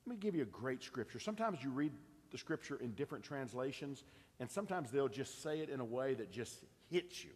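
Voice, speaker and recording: A man's voice: mid-range voice, very animated, brisk, a little mellow, husky, long reverb tail. A middle-aged man, preaching an earnest, conversational sermon and asking his congregation questions. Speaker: pastor. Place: church sanctuary.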